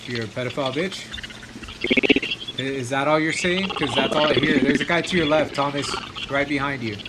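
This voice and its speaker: A man's voice: mid-range voice, brisk, very noisy. A man streaming a mobile battle game, arguing over voice chat in a confrontational, heavily profane way. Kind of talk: heated voice chat during gameplay.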